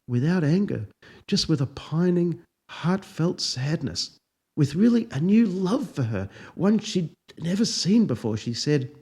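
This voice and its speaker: A man, a professor, narrating a story in a dry, deadpan, unhurried manner. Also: on the high side, slightly rough.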